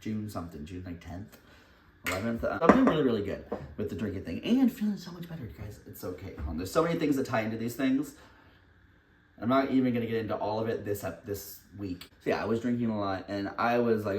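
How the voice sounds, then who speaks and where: This young man's voice is lowish with lively intonation and a fairly quick delivery. He is vlogging as he bakes in his kitchen at home, rambling candidly, laughing often and swearing casually, captured indoors by a distant mic in an echoey room.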